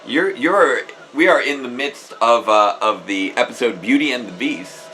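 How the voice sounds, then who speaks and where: A man's voice: mid-range voice, lively intonation, normal speed, sharp tone, a little hiss or hum, low-quality recording. A man hosting a casual live stream, chatting with enthusiasm and often restarting his sentences. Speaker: host.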